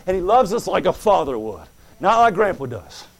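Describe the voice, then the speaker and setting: With a high, sing-song voice carrying vocal fry and a breathy edge, a male preacher gives a fervent sermon at a moderate pace. He reads scripture aloud, acts out quoted voices in dialogue, and swings from soft asides to ringing, loud exclamations.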